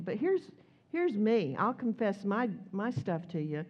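A woman preaching a sermon in a conversational, animated storytelling way, acting out quotes as she goes. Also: medium pitch, unhurried, dull audio.

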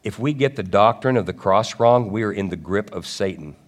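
A pastor giving a sermon in a chatty, rambling way, with asides and self-corrections, sometimes acting out quoted lines. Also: male voice, expressive, a little fast. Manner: conversational preaching, acts out quotes with rising pitch and shouts.

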